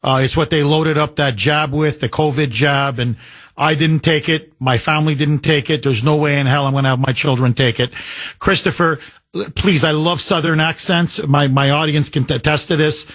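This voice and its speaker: A male talk radio host with a slightly high voice, speaking into a dry studio mic. He is emphatic and effusive, pressing his callers with questions. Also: steady tone, normal speed, fairly bright tone, no room sound. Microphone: studio microphone.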